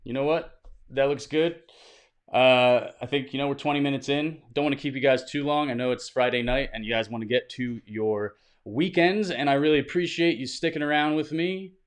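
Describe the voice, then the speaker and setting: A man with a clean, medium-pitched voice and an ordinary pace hosts a weekly crypto stream. It's a relaxed Q&A where he upbeatly welcomes viewers by name, reads what they've asked, and answers on the spot in a chatty way.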